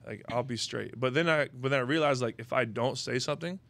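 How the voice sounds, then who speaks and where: Fast and gravelly yet fairly bright, a young man's medium-pitched voice carries his podcast. He rambles through stories from his own life, tossing in plenty of "you know what I mean" and swearing casually.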